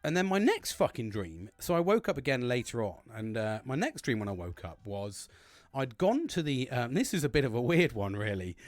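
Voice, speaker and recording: Animated man telling a story. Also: mid-range voice, moderate pace, no room sound. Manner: animated, heavy swearing, rambling with restarts. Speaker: podcast host. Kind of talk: casual storytelling monologue.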